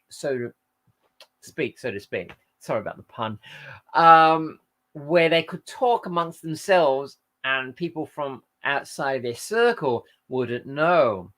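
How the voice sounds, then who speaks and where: A man's voice: mid-range voice, a bit bright. A tired man hosting a casual livestream, reading out viewer comments and rambling with lots of hesitations. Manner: rambling, hesitant, with frequent fillers and self-corrections. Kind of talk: casual chat.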